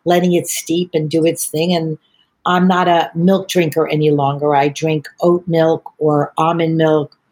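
An older woman talks as a podcast guest about her tea business, wandering from story to story in a chatty, rambling way. Her voice sits a little low for a woman. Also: level tone, unhurried, darkish tone. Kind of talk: podcast conversation.

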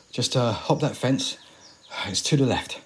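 Man acting weary zombie-apocalypse survivor, forties, dry, sardonic, rambling, mid-pitched, faint outdoor noise. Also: slow pace, close to an everyday voice. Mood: wry. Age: 40s. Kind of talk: amateur audio drama acting.

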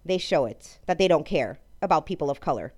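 A woman's voice: low-pitched, expressive, brisk, darkish tone. A woman host ranting in anger, swearing a lot and breaking off mid-sentence as she talks. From France. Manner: angry, profane ranting. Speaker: podcast host. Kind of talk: ranting monologue.

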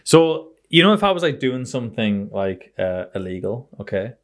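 A man's voice: lowish voice, sing-song, normal speed. Teasing man in casual banter. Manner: playful, teasing, swears casually. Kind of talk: casual chat.

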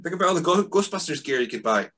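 A man's voice: fairly high pitch, fast, noisy background. A man hosting a podcast, chatting casually and easily with his guest. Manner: relaxed, chatty, laughs along. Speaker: podcast host. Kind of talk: casual chat.

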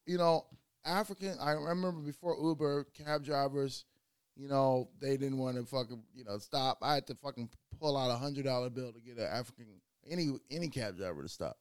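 A man co-hosting a podcast, telling animated, profane stories in casual chat. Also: medium pitch, fairly quick, clean tone, no room sound, clean studio sound. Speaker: podcast co-host.

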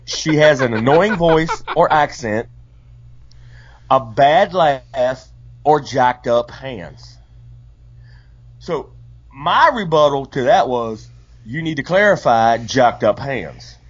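A man's voice: mid-range voice, lively intonation, takes it slowly, long pauses, husky. A man co-hosting a podcast in casual banter, laid-back and laughing easily. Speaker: podcast co-host. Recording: dull lo-fi podcast audio.

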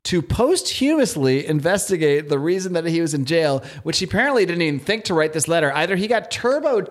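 A man's voice: a little high, very animated, fairly quick. Rambling, jokey young man. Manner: rambling, jokey, many fillers. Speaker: podcast co-host. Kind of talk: casual comic-book podcast chat.

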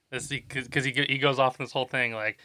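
A man co-hosting a podcast, teasing his friend with quick wisecracks and laughs. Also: mid-range voice, fairly even intonation, sharp tone, no echo, studio quality. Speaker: podcast co-host. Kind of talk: casual chat.

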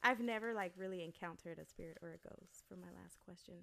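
A woman's voice: lowish voice, quick pace, gravelly, fairly bright tone. A young woman co-hosting a casual chat show, telling a story animatedly and swearing freely. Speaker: podcast co-host.

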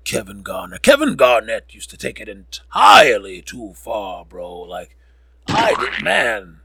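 A man's voice: on the low side, wildly swooping pitch, measured pace, gravelly, bright, forceful tone, husky, no echo. A man hosting a podcast, rambling through sports scores with jokes and frequent self-corrections. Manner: rambling, joking, corrects himself often. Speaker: podcast host. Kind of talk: casual sports score recap.

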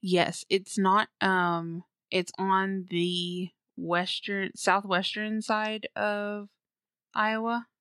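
A woman's voice: mid-range voice, flat delivery, drawn-out words, fairly bright tone, smooth, no echo, studio quality. A woman co-hosting a podcast, chatting casually and telling a true-crime story with fillers and giggles. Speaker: podcast co-host.

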